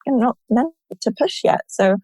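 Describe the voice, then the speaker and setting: A woman guest telling her own story in an open, animated way, with many "like" fillers. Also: on the high side, moderate pace, no echo, poor audio. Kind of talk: personal storytelling in a conversation.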